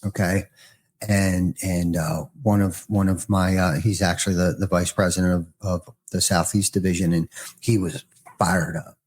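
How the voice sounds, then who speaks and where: Middle-aged guy with a really low voice, rambly storytelling, lots of restarts. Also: little pitch movement, moderate pace, breathy edge. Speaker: business owner. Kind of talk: casual podcast conversation.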